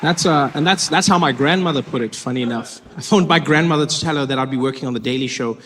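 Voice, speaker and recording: A man doing a stand-up comedy set, telling stories in a playful, lively way on a large stage. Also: mid-range voice, fast. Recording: long hall reverb, faint noise.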